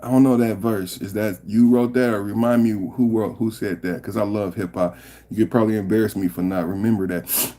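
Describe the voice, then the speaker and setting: A man hosting a casual podcast livestream, reading the chat aloud, joking and rambling and laughing often, sometimes muttering low and sometimes getting loud. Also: steady tone, fairly quick.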